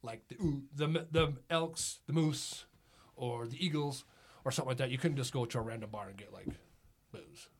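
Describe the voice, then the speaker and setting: A man's voice: medium pitch, moderate pace, breathy edge. A middle-aged man, a podcast guest, telling casual anecdotes, swearing freely and laughing often. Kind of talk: casual chat, storytelling.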